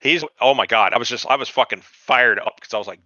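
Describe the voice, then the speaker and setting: Talking quickly with hardly any pauses, this medium-pitched podcast co-host gives a blunt, profanity-heavy, animated retelling that pokes fun at TV show scenes. There's no room sound, and the audio's highs are cut off.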